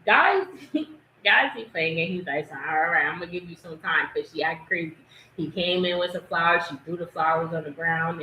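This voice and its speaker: A woman's voice: low voice, fairly quick, slight background noise. A woman hosting a podcast, chatting casually about a reality show clip and acting out what people said. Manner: animated, laughing, acting out quotes. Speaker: podcast host. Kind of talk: casual commentary chat. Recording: echoey room.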